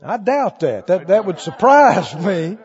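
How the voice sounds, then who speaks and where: A pastor with a high, sing-song, slightly mellow voice preaches a little slowly, asking the congregation call-and-response questions. He acts out the quoted voices of doubters, on a dull recording in a large echoing hall.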